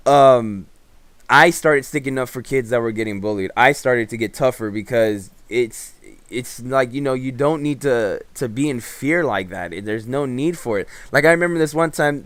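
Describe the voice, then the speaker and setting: A man's voice: mid-range voice, dry recording. A man telling a rambling, profane story in casual gameplay commentary, full of fillers and restarts. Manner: animated storyteller. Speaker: gaming commentator.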